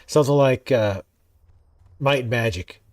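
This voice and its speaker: A man streaming a game, chatting in a rambling, easygoing way with quick asides. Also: mid-range voice, dry recording, clean studio sound. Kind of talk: casual gameplay commentary.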